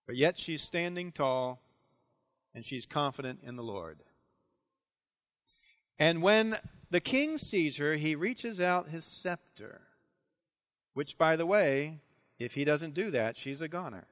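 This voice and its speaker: A man preaching a sermon, retelling a biblical story with dramatic, animated delivery. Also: on the high side, unhurried. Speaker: pastor.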